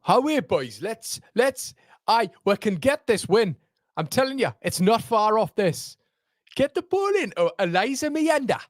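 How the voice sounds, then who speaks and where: A man hosting a live watchalong, shouting at the match and chatting with his viewers in British slang. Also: sits high, sing-song, a little slow, no echo, studio quality. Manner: uses British slang like lads, mate, muppets. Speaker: live-stream watchalong host. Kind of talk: excitable live football reaction chat.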